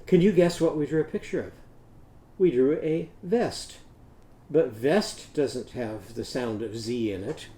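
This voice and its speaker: Man, teacher voice for young kids; mellow tone, patient, stretches out sounds when spelling. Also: medium pitch, slight background noise. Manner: patient, sounds out words slowly for children. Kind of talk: children's literacy lesson while drawing.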